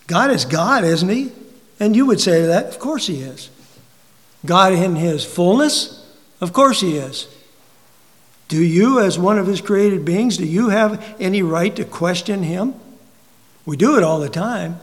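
A man preaching a sermon, asking the congregation rhetorical questions and swinging from emphatic peaks down to quiet, low asides. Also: animated, a little slow. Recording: long hall reverb.

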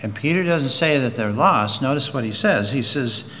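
A man preaching a sermon, slow and deliberate, rising for emphasis and reading scripture aloud. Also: medium pitch, animated, sharp tone, a little hiss or hum. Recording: long hall reverb.

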